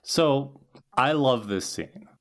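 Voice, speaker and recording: A man's voice: mid-range voice, lively intonation, takes it slowly, a bit bright. A man co-hosting a podcast, talking enthusiastically and reflectively about an episode in casual chat. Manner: enthusiastic, reflective, talks in long musings. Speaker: podcast co-host.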